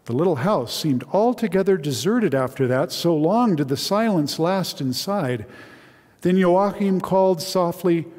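A man's voice: fairly high pitch, animated, unhurried, darkish tone. A man preaching a sermon in an earnest, openly moved way, reading a story and leading a prayer. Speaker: pastor. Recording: reverberant hall.

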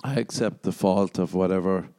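A man's voice: sits low, moderate pace, warm tone, no room sound. A young Irish man hosting a podcast on his own, rambling casually, swearing a lot and poking fun at himself. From Ireland. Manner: sweary, self-mocking, rambling. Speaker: podcast host.

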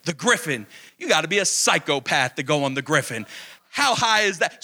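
Male pastor, high and bright, emphatic sermon delivery with call-and-answer questions. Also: sing-song, normal speed, pauses often. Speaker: preacher.

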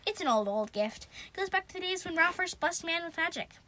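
A woman's voice: extremely high pitch, expressive, brisk, pushed and bright, voice pushed up, heavily acted. Woman doing a bored, smug male god. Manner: offhand, drawling, self-satisfied. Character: bored, boastful ancient male war god.

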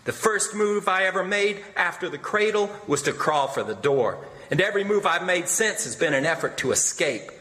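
A man's voice: high-pitched, expressive, moderate pace, bright, forceful tone, voice pushed up. A man reading as a bitter, defiant young son. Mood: impassioned. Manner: impassioned, bitter oratory. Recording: long hall reverb.

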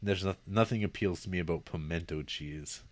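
A man's voice: sits low, a little fast, no echo. A man co-hosting a podcast in casual chat, hesitant, restarting often, with dry humor. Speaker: podcast co-host.

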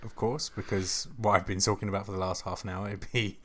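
A man co-hosting a sports podcast in a slightly low voice. He jokes at his own expense with a dry, self-mocking humour. A faint noise runs underneath him. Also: little pitch movement, a little fast, fairly bright tone. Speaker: podcast co-host. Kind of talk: casual sports chat.

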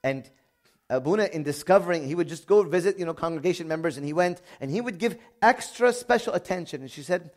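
A middle-aged male priest giving a sermon, telling personal stories earnestly, dropping to a quiet confessional tone and then rising to loud emphasis. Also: on the high side, expressive, fast.

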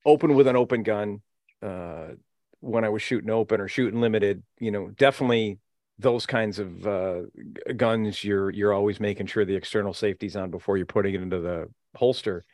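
A man co-hosts a podcast in casual chat, speaking in a measured, somewhat hesitant way. His voice is on the low side. The sound is dry and close. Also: darkish tone, dry recording. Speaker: podcast co-host.

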